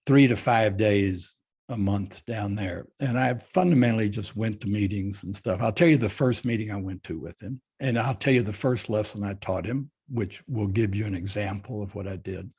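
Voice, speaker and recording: A man's voice: fairly low pitch, normal speed, a little mellow, breathy edge. An older man from Texas, a guest speaker telling a story bluntly and acting out both sides of the dialogue. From Fort Worth, Texas. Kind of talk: storytelling interview.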